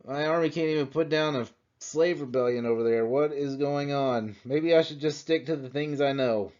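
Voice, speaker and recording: A man's voice: fairly high pitch, normal speed, darkish tone, voice pushed down, natural voice. A man voicing a doubting French emperor who mutters worriedly to himself, in a slightly muffled recording.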